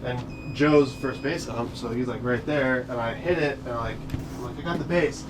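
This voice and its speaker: A man's voice: medium pitch, fairly even intonation. A man, a guest in a casual chat, telling a story wryly, swearing and acting out the other people in it. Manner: quick, wry, swears, acts out the other people in his story. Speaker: guest, pitcher. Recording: far from mic with faint noise.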